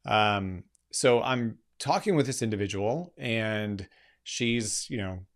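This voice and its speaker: A man's voice: on the low side, animated, takes it slowly. Earnest man telling a live story. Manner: earnest, emphatic, frequent restarts. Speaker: keynote speaker and executive coach.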